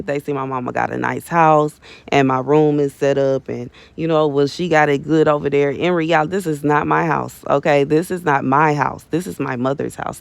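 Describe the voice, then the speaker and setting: A woman delivers a casual prophetic message from a bedroom in her mother's house. She is animated and slangy, laughs often, and calls listeners baby and bruh. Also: deep voice, creaky, no echo.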